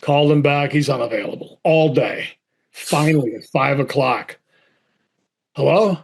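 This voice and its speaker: A middle-aged man from Boston, an actor telling a story in an interview, acting out both sides of phone calls and stammering when excited. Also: mid-range voice, normal speed, creaky, a little hiss or hum. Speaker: actor guest.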